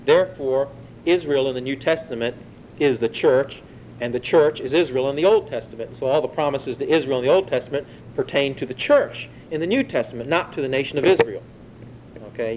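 A man preaching a sermon on a letter of scripture, with animated delivery that climbs in pitch when he quotes or stresses a point. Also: slight background noise, low-quality recording. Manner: animated, rising emphasis when quoting scripture.

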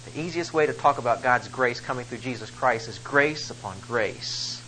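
A man's voice: mid-range voice, moderate pace, pushed and bright, slight background noise, rough recording. A man preaching a sermon, reading scripture and explaining it with rising emphasis on key phrases. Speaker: pastor.

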